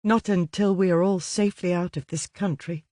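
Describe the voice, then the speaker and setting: Audiobook: a worn-out young woman, soft and halting, voiced by a man reading, set higher than his own voice. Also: fairly even intonation, no echo, clean studio sound, lightly acted. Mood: tired relief. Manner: low, tired, halting. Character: tired, shaken young woman.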